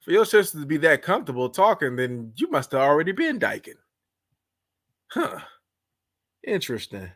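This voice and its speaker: A man hosting a reaction video, mocking and profane, with loud exclamations. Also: on the high side, big pitch swings, normal speed, pauses often. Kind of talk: reaction commentary.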